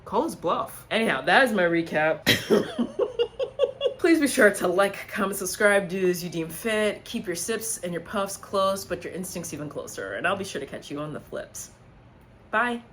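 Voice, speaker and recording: A woman's voice: medium pitch, expressive, moderate pace. Blunt, sassy woman recapping reality TV. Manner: blunt, sassy, swears freely. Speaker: recap host.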